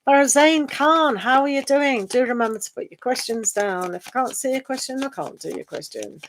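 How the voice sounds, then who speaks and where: A woman's voice: sits high, a little fast, slight background noise. A middle-aged woman, chatting casually and rambling as she reads tarot on a live stream. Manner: chatty and rambling, with frequent laughs. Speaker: tarot reader.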